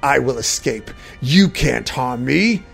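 A man voicing an evil male crime lord and necromancer who makes slow, drawn-out threats and shouts them out. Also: mid-range voice, lively intonation, gravelly, soft background music, full character voice. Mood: defiant threatening.

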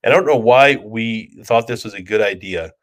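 An easygoing man with a somewhat low voice tells stories on a podcast in a loose, rambling way. His delivery is casual and unhurried. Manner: relaxed, chatty, laughs while telling stories. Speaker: podcast co-host. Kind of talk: casual storytelling chat.

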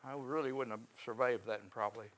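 A man preaching a sermon in a folksy, conversational way, swinging from quiet talk up to sudden loud rises. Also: mid-range voice, fairly even intonation, a little fast, rough recording.

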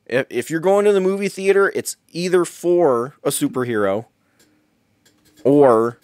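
A man's voice: on the high side, animated, unhurried, darkish tone, dry recording, studio quality. Casual man talking. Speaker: podcast co-host. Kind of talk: casual comedic chat.

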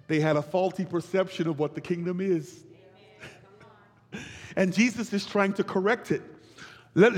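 Male pastor, high voice, rhythmic call-and-response preacher who builds to shouts; long hall reverb. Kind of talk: sermon. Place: church service.

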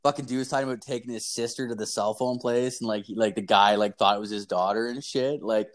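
A man's voice: medium pitch, steady tone, quick pace. A man in his thirties hosting a casual podcast, telling rambling stories and swearing constantly. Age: 30s. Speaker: podcast host.

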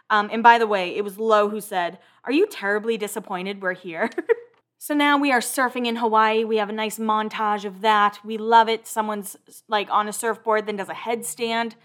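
A woman's voice: on the high side, moderate pace, fairly bright tone. A woman hosting a casual recap of TV episodes, chatty and full of "like" fillers.

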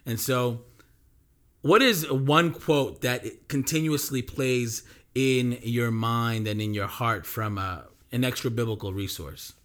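A man's voice: mid-range voice, slow, a bit bright. A man hosting a casual podcast interview, affirming his guest often.

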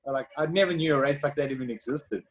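A man's voice: medium pitch, fast, low-quality recording. A man in his thirties from South Africa with a South African accent, telling stories in a loose, filler-heavy way. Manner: relaxed storytelling, many fillers. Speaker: former pro cyclist, podcast guest. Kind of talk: casual chat.

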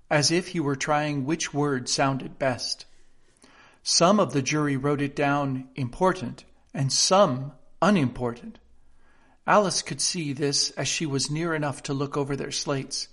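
Audiobook narrator, male, fairly high pitch, steady expressive storytelling. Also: a little slow.

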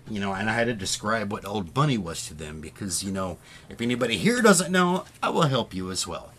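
A man's voice: lowish voice, sing-song, a little fast, hardly any pauses, fairly bright tone, a little hiss or hum. A man co-hosting a podcast, telling a rambling story in casual chat, laughing at himself often. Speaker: podcast co-host.

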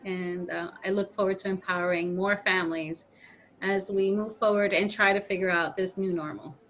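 Appreciative woman interviewer, bright tone. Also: medium pitch, fairly even intonation, normal speed. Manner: appreciative, thanking the guest.

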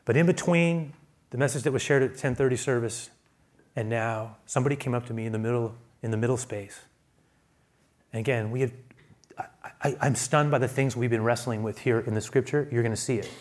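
A man preaching a sermon as pastor, who often restarts his phrases and swings between quiet asides and loud, raised emphasis. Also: fairly quick. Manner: builds to loud, high-pitched emphasis, then drops to quiet asides; repeats words and restarts phrases.

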